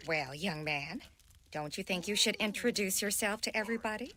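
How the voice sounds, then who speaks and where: An actress playing a brisk, bossy camp leader in a game, talking in a scolding way. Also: female voice, mid-range voice, bright, forceful tone, natural voice.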